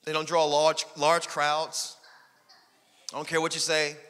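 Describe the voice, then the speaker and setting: Male pastor, bright forceful tone, fairly high voice, joking, shouts at times, church hall reverb. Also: a little slow, clean tone. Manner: energetic, shouting bursts and joking asides. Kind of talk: sermon. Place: church sanctuary.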